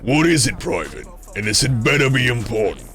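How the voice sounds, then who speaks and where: A man's voice: medium pitch, big pitch swings, a little fast, fairly bright tone. A man voicing a stern male military commander who speaks in formal, old-fashioned phrasing. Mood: angry. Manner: stern, formal, archaic speech.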